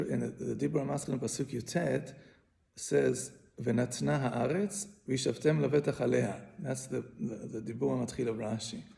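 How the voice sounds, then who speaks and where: Guy teaching torah, super gravelly, kinda mellow dark sound, keeps restarting phrases. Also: medium pitch. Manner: patient, repeats and restarts phrases while explaining. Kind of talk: explaining a Bible commentary.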